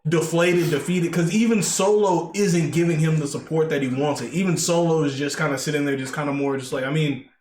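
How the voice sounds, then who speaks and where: A man co-hosting a podcast, chatting casually and rambling with many fillers and restarts. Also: fairly high pitch. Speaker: podcast co-host. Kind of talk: casual wrestling chat. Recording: echoey room, faint background noise.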